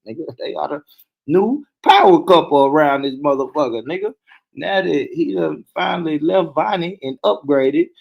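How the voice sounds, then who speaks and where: A man's voice: on the high side, gravelly. A man hosting a casual commentary stream, talking loosely and profanely and laughing often. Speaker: host.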